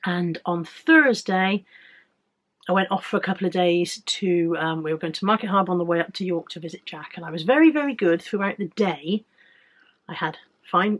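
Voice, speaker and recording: English woman, late 40s, weight-loss vlogger; candid, chatty, a bit froggy, middle pitch. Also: fairly bright tone. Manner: candid, chatty, rambling with restarts. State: slightly croaky. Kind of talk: casual chatty vlog.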